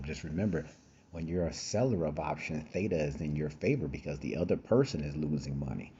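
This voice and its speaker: A man's voice: extremely low pitch, darkish tone, muffled recording, a little hiss or hum. A man hosting a casual screen-share trading tutorial, talking conversationally with frequent fillers and repeated phrases, a little tired. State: tired, yawning. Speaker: trading course host.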